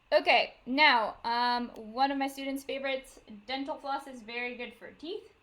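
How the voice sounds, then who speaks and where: A choir director leading vocal warm-ups over a video call, coaching step by step with frequent cues to get ready. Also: female voice, high voice, normal speed. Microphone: video call microphone. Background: piano she plays for the exercises.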